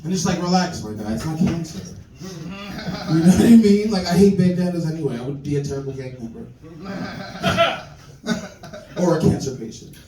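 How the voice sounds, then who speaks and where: Brief: male stand-up comic, high voice, animated, roomy club sound, mic at a distance, audience laughing. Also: normal speed, long pauses, crowd noise. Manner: animated, acts out other people's voices. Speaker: stand-up comedian. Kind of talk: stand-up comedy set. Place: comedy club with live audience.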